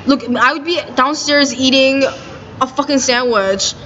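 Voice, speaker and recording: A woman's voice: high-pitched, a little slow, bright, forceful tone. Indignant woman ranting, lo-fi sound. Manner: agitated and indignant, many "like" fillers. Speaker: vlogger. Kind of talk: rambling monologue to camera. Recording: dull lo-fi audio with faint noise.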